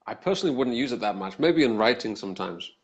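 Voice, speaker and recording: A man's voice: medium pitch, expressive, fast talker. A man co-hosting a live English Q&A, explaining phrases and acting out example tones of voice. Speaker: English teacher, co-host. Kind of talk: live-streamed Q&A chat.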